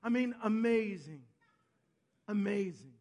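A man preaching a sermon as pastor, telling stories and asking "Amen?", swinging between hushed and loud. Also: sits high, animated, takes it slowly. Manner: storytelling, repeats himself, asks the congregation "Amen?".

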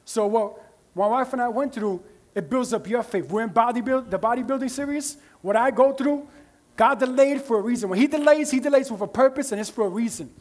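A man's voice: extremely high pitch, fairly quick, a little mellow. A man preaching a sermon as pastor, in a conversational style with frequent "right?" asides to the congregation.

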